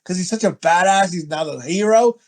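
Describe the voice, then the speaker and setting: A man's voice: sits high, a little fast, a little mellow. Middle-aged guy, co-host, rowdy and foul-mouthed, big over-the-top impressions. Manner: rowdy, profane, laughs a lot, mimics movie lines over the top. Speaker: podcast co-host. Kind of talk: casual crude chat.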